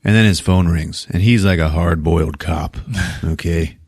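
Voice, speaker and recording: A man's voice: sits low, moderate pace, a little mellow, no room sound, clean studio sound. A man casually recapping a film on a podcast, acting out the characters' lines, laughing often and swearing freely. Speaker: podcast host.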